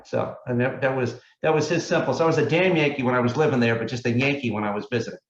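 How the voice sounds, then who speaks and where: A man speaking as a meteorologist guest in a casual interview, measured and reflective as he explains things. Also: medium pitch, roomy sound, lo-fi sound.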